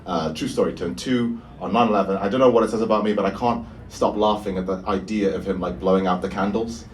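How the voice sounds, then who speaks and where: A man's voice: lowish voice, fairly even intonation, quick pace, distant mic. A man, doing a live stand-up set with a dry, self-mocking delivery. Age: 20s. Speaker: stand-up comedian. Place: small bar venue with live audience.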